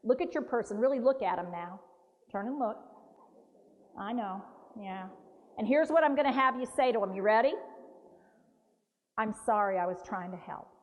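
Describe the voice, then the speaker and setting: A woman's voice: on the high side, animated, moderate pace, pauses often, highs cut off. A woman leading a hands-on dementia care workshop, coaching a group directly and speaking sample phrases aloud for them to practice. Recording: long hall reverb.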